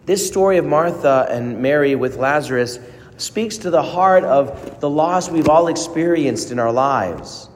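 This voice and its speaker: A priest delivers an earnest sermon, his slightly high male voice rising for emphasis and pausing for weight. The sound rings with long reverb from a large church. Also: animated, a little hiss or hum. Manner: earnest preaching with dramatic pauses and rising emphasis.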